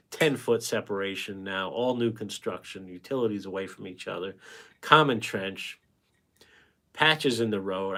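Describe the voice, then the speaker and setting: A man's voice: fairly low pitch, a bit bright. A man hosting a painting livestream, chatting casually and rambling as he reads out viewer comments and answers them. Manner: talkative, chummy with viewers.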